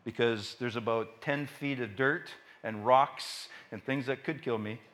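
At a measured pace and in a mid-range voice, this middle-aged man gives a storytelling sermon, loose and full of filler words. He animatedly voices each family member in turn.

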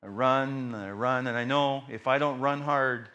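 A man's voice: mid-range voice, moderate pace, highs cut off. A middle-aged man preaching a storytelling sermon in a casual way with many fillers, acting out the voices of his family. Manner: animated, acts out family voices.

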